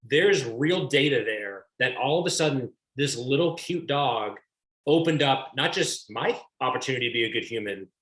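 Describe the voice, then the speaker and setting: A man's voice: medium pitch, lively intonation, moderate pace, fairly bright tone. A man hosting an author talk over a video call, asking questions in a rambling way with many restarts. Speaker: host of an author series. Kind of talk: interview questions. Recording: roomy echo.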